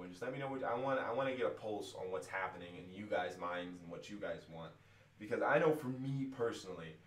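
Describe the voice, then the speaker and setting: A frustrated man rants straight to his viewers, swearing freely and restarting his sentences. His voice sits a little low. He sounds set back from the mic in a roomy, echoing space. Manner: frustrated, profane, rambling with restarts. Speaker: musician venting to viewers. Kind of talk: casual rant to camera. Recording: echoey room, distant from mic.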